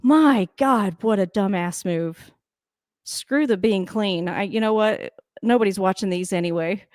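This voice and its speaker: A woman hosting a casual live football reaction, excitable and swearing, often laughing and talking straight to the coach. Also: medium pitch, measured pace, no echo, clean studio sound. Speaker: sports reaction host. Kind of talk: casual live game commentary.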